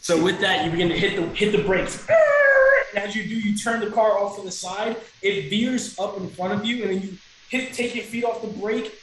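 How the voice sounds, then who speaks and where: A man's voice: high voice, moderate pace, a bit bright, reverberant, a little hiss or hum, rough recording. A man running a tabletop game as game master, walking players through actions step by step.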